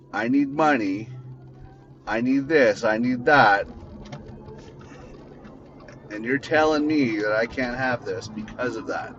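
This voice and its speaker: A Canadian man hosting a podcast, ranting angrily and swearing a lot in an unscripted monologue while driving. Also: lowish voice. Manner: angry, profane, repetitive ranting. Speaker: podcast host. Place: inside a car, driving. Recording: dull lo-fi with faint car noise.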